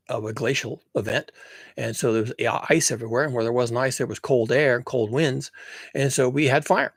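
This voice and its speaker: A man's voice: mid-range voice, slightly rough, dry recording. A man giving a casual, emphatic monologue, rambling with restarts as he builds his points. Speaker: commentator on climate and human nature.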